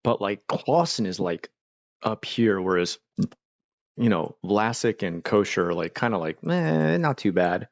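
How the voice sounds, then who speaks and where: A man's voice: deep voice, measured pace, no echo, lo-fi sound. A man from Pennsylvania hosting a casual livestream, rambling and chatting while he eats. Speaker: livestream host.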